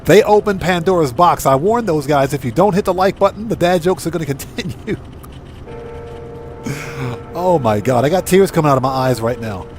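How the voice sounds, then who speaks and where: A man's voice: a little high, animated, normal speed, faint music behind. A man streaming a game live, telling dad jokes, laughing at his own punchlines and reading chat messages aloud.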